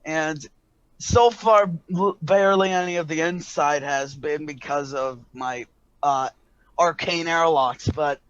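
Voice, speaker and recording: A man's voice: fairly high pitch, a bit bright, smooth, dry recording, highs cut off. A man voicing a worried male scientist who rambles through an explanation with restarts. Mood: anxious. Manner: rushed, stumbling explanation.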